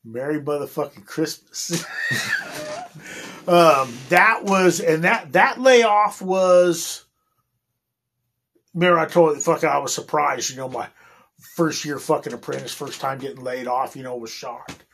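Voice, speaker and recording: A man's voice: on the high side, measured pace, vocal fry, a bit bright, a little hiss or hum. A man in his forties, a union electrician, telling a rambling work story in casual chat, swearing constantly.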